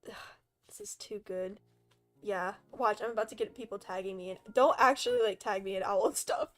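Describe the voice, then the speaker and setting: A woman's voice: medium pitch, moderate pace, faint music behind. A young woman streaming and chatting casually with friends, talking animatedly, swearing freely and laughing often.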